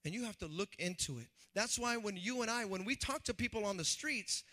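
A man, a pastor, preaching a sermon in an animated, conversational way and acting out the voices he quotes. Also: high voice, a little fast.

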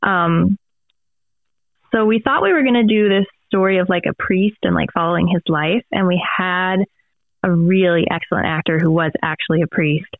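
A woman who directs audio theater is a guest on a podcast, chatting casually in a fairly low voice at a moderate pace. She rambles through tangents with lots of fillers, over a dry, phone-like remote line with no echo.

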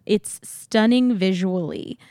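A woman's voice: mid-range voice, slow pace, mellow, no echo, clean studio sound. Chatty female podcast co-host. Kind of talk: casual chat.

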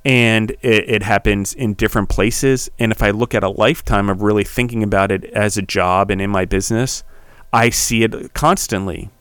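A man's voice: lowish voice, steady tone, moderate pace, clean tone, no echo. Fired-up man preaching on a podcast. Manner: heated, preachy, swears, builds to shouting. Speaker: podcast host. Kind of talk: impassioned solo podcast monologue.

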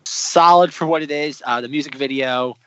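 A man's voice: on the high side, normal speed, a bit bright, smooth, dry recording, rough recording. A man co-hosting a casual podcast, cracking dry jokes. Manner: dry wisecracks. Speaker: podcast co-host.

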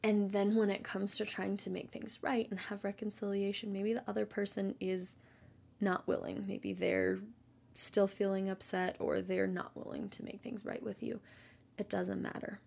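Soft-spoken woman with a gravelly, husky voice. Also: mid-range voice, flat delivery, moderate pace. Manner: earnest, gentle, often drops to a soft near-whisper. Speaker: Christian mother giving devotional teaching. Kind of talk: casual devotional talk.

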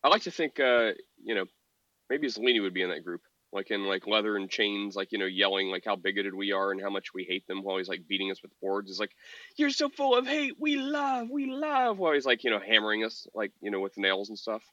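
A man co-hosting a podcast in casual, opinionated chat, mocking opponents with a put-on high voice. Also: steady tone, fast talker, sharp tone, dry recording, dull audio. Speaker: podcast co-host.

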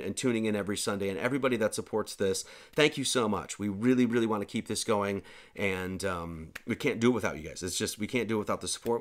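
A man's voice: lowish voice, fairly bright tone. A man, the pastor and host, rambling through casual closing announcements of an online sermon, joking around with lots of fillers and restarts.

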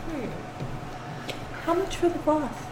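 Woman player, slightly high voice. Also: animated, very slow. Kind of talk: tabletop game play. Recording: echoey room with background noise.

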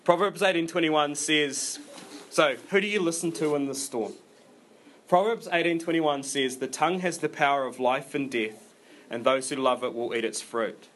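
A man preaching a sermon in a relaxed, conversational way, full of fillers and restarts. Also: fairly high pitch, slight background noise. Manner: informal, rambling delivery with many fillers and restarts.

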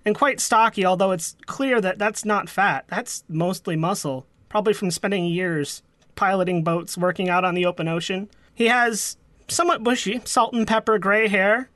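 A man running a tabletop horror game, describing scenes in a measured way. His voice is bright and forceful. The recording is dry and close. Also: sits high, no echo. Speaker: game master.

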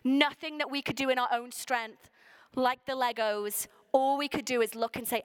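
A woman's voice: high-pitched, fairly even intonation, normal speed, clear, resonant tone, no room sound. A woman preaching a Christmas sermon to a congregation, earnest and emphatic, slipping into the voices of the people she imagines. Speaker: pastor.

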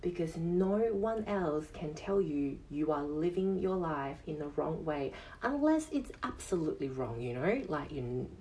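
A male yoga teacher hosting his own podcast, giving an earnest motivational monologue in a high, soft, soothing voice and repeating phrases for emphasis. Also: expressive, measured pace, few pauses, recorded from a distance, slight background noise, rough recording. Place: casual home podcast setup.

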